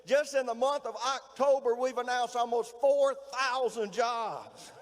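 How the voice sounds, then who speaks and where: Southern man, Mississippi accent, very high voice, folksy rally speech, long hall reverb. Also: measured pace. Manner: folksy, rousing, often shouting to a crowd. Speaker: state governor speaking at a political rally. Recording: reverberant hall, faint noise.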